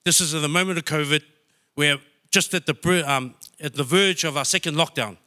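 A man from New Zealand with a bright, forceful, somewhat higher voice tells his story in church. He speaks in a heartfelt, emotional way, as a personal testimony. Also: brisk. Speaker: church member sharing testimony.

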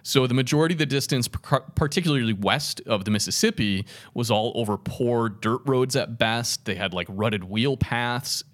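A man co-hosting a podcast, reading out history notes in a relaxed storytelling way with fillers. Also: medium pitch, normal speed, hardly any pauses. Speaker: podcast co-host presenting the topic.

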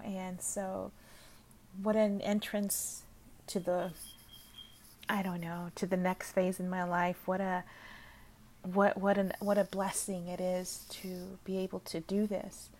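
A woman telling a heartfelt personal story in a casual, emotional way, often repeating herself and sometimes dropping to a soft whisper. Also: on the low side, flat delivery, slow, a little hiss or hum. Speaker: social media creator.

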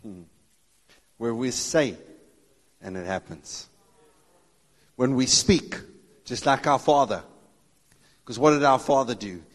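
A man's voice: medium pitch, expressive, slow, long pauses. A man preaching a sermon as a pastor, joking and laughing often and acting out Bible dialogue in different voices. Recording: long reverb of a large hall.

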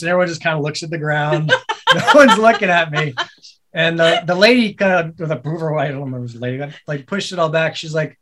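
A man telling a personal story in a casual podcast conversation, animated and swearing freely, laughing as he goes. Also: fairly high pitch, fairly quick, slight background noise. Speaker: podcast guest, business co-owner.

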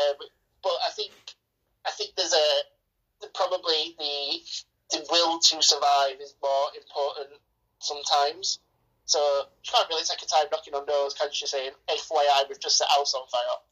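A woman's voice: sits low, fairly even intonation, moderate pace, fairly bright tone, poor audio. An Englishwoman chatting bluntly and enthusiastically about a film, swearing freely. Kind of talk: casual film review chat.

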